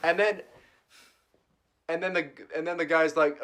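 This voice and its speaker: Male podcast co-host, relaxed recap chat, slightly higher voice, chuckles, nitpicky. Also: moderate pace. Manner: laid-back, chuckling, nitpicks details. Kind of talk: casual movie recap chat.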